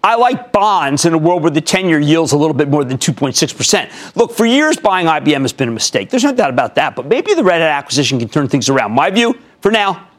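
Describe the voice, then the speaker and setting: A middle-aged man delivers stock picks as a television market commentator, his fairly high voice leaping up and down in lively, animated swings. He punches key words with sudden loud bursts, then drops into low, quiet asides. The delivery is emphatic and theatrical throughout. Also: fast, few pauses. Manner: emphatic, theatrical, big swings of pitch and loudness.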